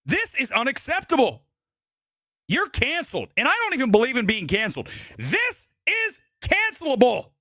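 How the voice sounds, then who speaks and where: Furiously ranting, animated male film host. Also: very high voice, brisk, dry recording, clean studio sound. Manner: angry, profane ranting. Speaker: movie podcast host. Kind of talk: live-streamed film rant.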